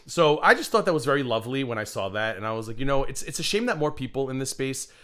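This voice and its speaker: Chatty livestream host man, very animated. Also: mid-range voice, quick pace. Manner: rambling, chatty, talks to viewers in chat. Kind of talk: casual live commentary.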